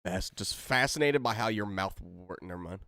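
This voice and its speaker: A man's voice: low voice, normal speed, gravelly, pushed and bright, no room sound, studio quality. A man co-hosting a casual podcast chat, making joking quips and swearing. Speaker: podcast co-host.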